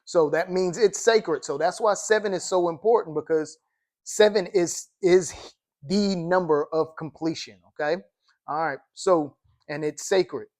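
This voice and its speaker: A man's voice: high voice, a little mellow. Man teaching Bible study, asking "okay?". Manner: explains slowly with frequent "okay?" check-ins; reads scripture and dictionary definitions aloud.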